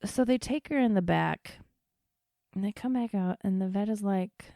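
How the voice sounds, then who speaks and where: A woman's voice: mid-range voice, normal speed, gravelly, warm tone, no echo, clean studio sound. A woman hosting a podcast who tells a long story in a chatty, casual way, swearing freely and acting out what others said. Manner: chatty, profane, tells stories with quoted dialogue. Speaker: podcast host.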